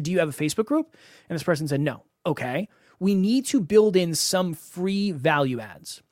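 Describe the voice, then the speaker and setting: A man's voice: a little high, no room sound, studio quality. A man hosting a solo podcast as a coach, talking emphatically and often repeating words for stress.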